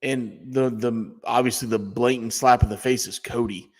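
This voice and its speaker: A man's voice: mid-range voice, fairly even intonation, normal speed. A man co-hosting a wrestling podcast, talking bluntly and swearing freely in casual chat. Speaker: podcast co-host. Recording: long echoey reverb.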